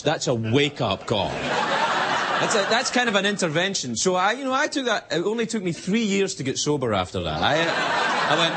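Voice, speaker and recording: Animated man doing a comedy monologue. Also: on the high side, normal speed. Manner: rambling, animated, self-mocking storytelling with frequent restarts. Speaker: late-night talk show host. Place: TV studio stage before a live audience. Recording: loud audience laughter and studio noise. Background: live studio audience laughing.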